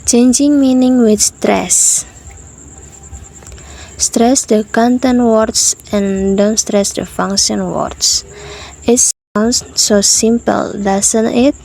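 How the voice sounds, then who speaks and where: A woman with a warm, mellow voice explains sentence stress at a relaxed, slow pace. She addresses the listener directly, as if chatting through the lesson. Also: a little high, creaky, low-quality recording. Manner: conversational teaching tone with asides to the listener. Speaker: student presenter. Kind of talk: scripted pronunciation lesson.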